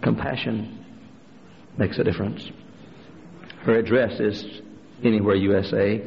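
Gravelly preacher man, fiery sermon. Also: steady tone, unhurried, slight background noise. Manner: impassioned preaching, climbing to shouted refrains, dropping low for stories. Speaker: pastor. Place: church sanctuary. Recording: lo-fi recording with long hall reverb.

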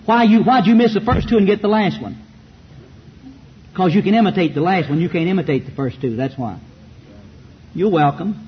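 Pausing often at a moderate pace, a high-voiced man with a Southern US accent delivers a fiery sermon. He fills it with rhetorical questions and mocking asides. Faint background hiss runs under the muffled recording.

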